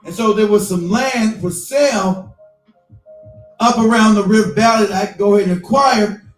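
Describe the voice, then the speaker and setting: A man hosting a live stream, telling a personal story in a profane, animated rant. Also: sits high, moderate pace, reverberant, faint music behind. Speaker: live-stream show host.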